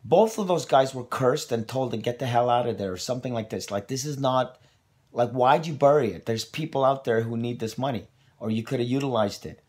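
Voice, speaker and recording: A man's voice: mid-range voice, a little fast, darkish tone. Profane rambling man ranting late at night. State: tired, up late on coffee. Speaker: online show host. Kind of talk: late-night casual rant.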